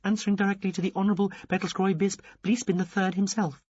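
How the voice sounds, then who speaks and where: A man doing a high, prim little alien officer. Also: little pitch movement, fast, darkish tone, slightly rough, dry recording. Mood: urgent. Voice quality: high, stiff bureaucratic delivery. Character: small formal alien officer, fussy and pompous. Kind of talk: audiobook character reading. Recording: dull lo-fi dry recording.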